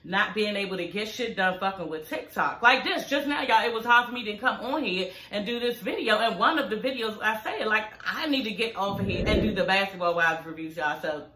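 A woman's voice: mid-range voice, a little fast, few pauses, pushed and bright, slight background noise. Chatty, profane woman vlogger in a roomy echo. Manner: profane, talks straight to viewers. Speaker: YouTube show reviewer. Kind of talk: casual chatty review vlog. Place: home, filming in front of her TV.

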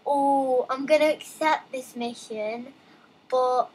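A young woman casually commenting while playing a game, reading on-screen text aloud with excitable, chatty asides. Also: sits high, slow pace, slightly rough, poor audio. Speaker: let's play gamer.

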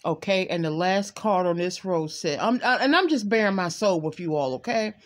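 A woman doing a relaxed tarot reading from her home. She talks candidly and chattily to her viewers, with frank asides. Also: on the low side, normal speed. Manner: candid, chatty, breaks off to scold her pet and laughs. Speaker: tarot card reader. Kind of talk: casual tarot reading livestream.

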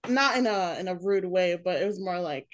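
A woman's voice: lowish voice, expressive, a little fast. A young woman in casual chat who rambles and fills her talk with "like". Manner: rambling, heavy use of "like".

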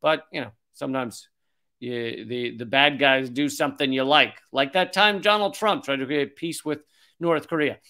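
A man's voice: mid-range voice, normal speed, bright, forceful tone. A man in his forties hosting a political commentary show, reading an article aloud and breaking off into sarcastic, profane rants.

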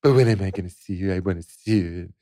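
A man's voice: low voice, fast talker, mellow, no echo, studio quality, voice pushed down, natural voice. A man quoting his mother as she sweetly pleads on the phone, in his own everyday voice. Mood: pleading.

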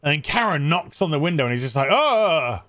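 A man's voice: fairly high pitch, animated, quick pace, a bit bright, no room sound. A man hosting a podcast, recapping a movie comically in a mocking, incredulous tone. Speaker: podcast host.

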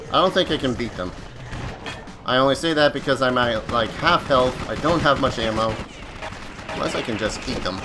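A man's voice: mid-range voice, normal speed, background noise. A man casually commenting while playing a video game, joking and yelping when startled. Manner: joking, exclaiming, easily startled. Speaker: let's player. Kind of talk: gameplay commentary.

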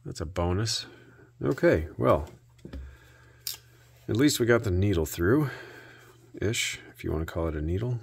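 A man hosting a repair video, narrating his work out loud with dry little jokes to himself. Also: low-pitched, animated, a little slow, creaky, long pauses, slight background noise. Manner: self-talk with dry jokes. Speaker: host.

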